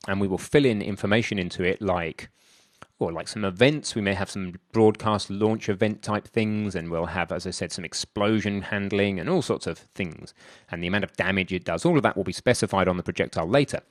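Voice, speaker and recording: A man with a fairly low voice talks through a coding tutorial in a chatty way, thinking aloud as he works. The sound is dry and close, with no room around it. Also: brisk, no room sound. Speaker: programming instructor. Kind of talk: screen-recorded coding tutorial.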